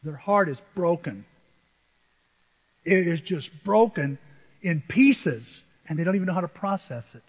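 An older male pastor delivers a sermon in a high voice, swinging from hushed asides to loud, animated storytelling. The audio is dull and muffled, carried in a long, reverberant hall. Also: measured pace, long pauses, husky. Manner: animated, self-deprecating storytelling with dramatic swings from soft to loud. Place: church sanctuary.

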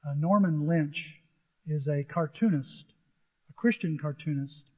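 A middle-aged male pastor with a fairly high, breathy-edged voice preaches at a measured pace, sounding thin and lo-fi as if over a phone line. His delivery is earnest, emphatic, and repetitive.

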